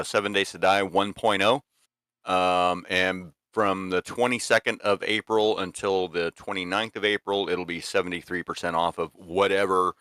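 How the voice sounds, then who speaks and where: Man, podcast co-host, lowish voice, hesitant and stammering. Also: bright, forceful tone, dry recording. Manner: stammering, hesitant, with many fillers. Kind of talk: casual podcast chat.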